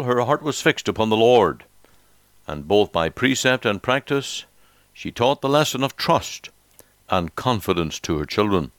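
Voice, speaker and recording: A male pastor preaching a radio sermon, dramatic with rising questions and slowed emphasis. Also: on the low side, a bit bright, no room sound.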